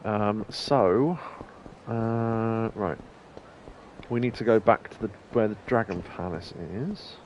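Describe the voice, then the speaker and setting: A man's voice: fairly low pitch, slow, a little mellow, a little hiss or hum. A young man streaming a game, reading its dialogue aloud between rambling, chuckling asides. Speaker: let's play streamer. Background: faint game music.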